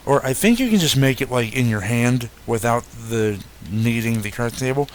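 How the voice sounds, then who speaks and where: A man's voice: mid-range voice, expressive, moderate pace, a little hiss or hum. Easygoing young man narrating gameplay. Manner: easygoing, many fillers and self-corrections. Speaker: gaming YouTuber. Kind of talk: casual game update walkthrough.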